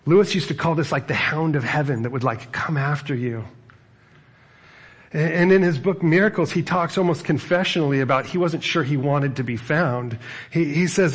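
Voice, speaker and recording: A middle-aged man preaching as a pastor, talking in a conversational, animated way with frequent asides. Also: a little high, normal speed, breathy edge. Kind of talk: sermon.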